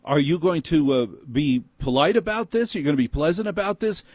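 A snippy, condescending store manager, as a New York man puts him on, talks down in a voice pushed up high and prissy. The sound is dry and close. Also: lively intonation, a little fast, a little mellow, slightly rough, no echo. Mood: scolding.

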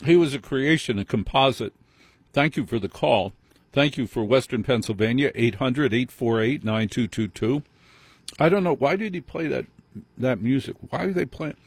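A man hosting a late-night call-in radio program in a relaxed, conversational way, cutting in on callers to frame the topic. His voice is a bit husky and mid-pitched. The studio sound is dry and close. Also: normal speed, no room sound. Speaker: late-night radio talk show host.

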